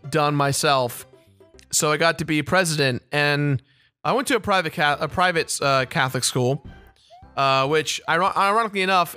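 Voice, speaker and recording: A man's voice: a little high, bright, forceful tone, clear, resonant tone. A man in his twenties, a let's play host, casually telling a story with lots of laughing and swearing. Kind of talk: casual storytelling over gameplay.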